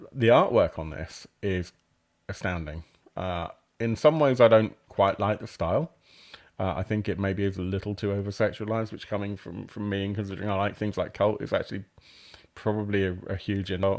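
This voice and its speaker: Low-voiced rambling male game reviewer. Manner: rambling, self-deprecating, many ums and apologies. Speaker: host reviewing crowdfunding games. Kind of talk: casual live-stream commentary.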